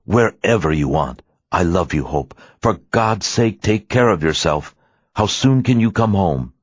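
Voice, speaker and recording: A man's voice: low-pitched, expressive, unhurried, slightly rough, no echo, exaggerated voice. A man voicing an eager, insistent man in love who pleads and presses, in a dry, slightly muffled studio recording. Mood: worried.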